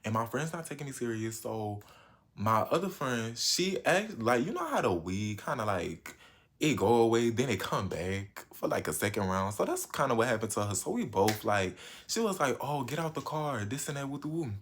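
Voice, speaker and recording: Teen guy vlogging a storytime, slangy and super animated, voice jumps way up then drops. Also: moderate pace. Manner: animated, slangy, with sudden jumps in pitch and loudness. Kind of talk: casual storytime chat.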